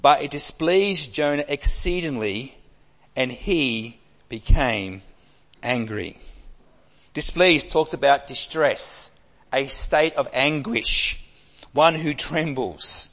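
A man preaching an expository sermon, emphatic, with wide swings between loud and soft. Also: mid-range voice, animated, slow pace. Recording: long hall reverb.

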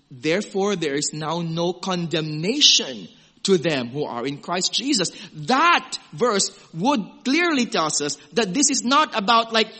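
A man preaching a sermon in a conversational, animated way, swinging from loud exclamations to hushed, gentle passages and acting out little quoted voices. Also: high voice. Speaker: pastor.

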